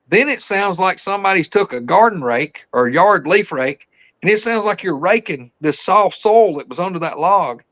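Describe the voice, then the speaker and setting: A man, telling a story as a podcast guest in an excited, rambling way full of fillers. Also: high-pitched. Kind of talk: casual storytelling.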